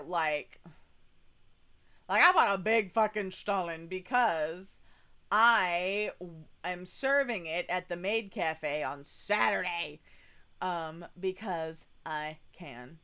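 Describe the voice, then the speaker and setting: A woman's voice: fairly low pitch, takes it slowly, sharp tone, smooth. A young woman chatting casually in a travel vlog voice-over, rambling with lots of fillers. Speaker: vlogger.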